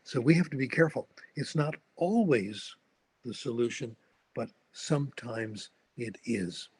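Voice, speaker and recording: A man's voice: mid-range voice, expressive, unhurried, a little mellow, husky. An older man giving a lecture as a linguist, telling wry anecdotes and tagging his points with "okay?".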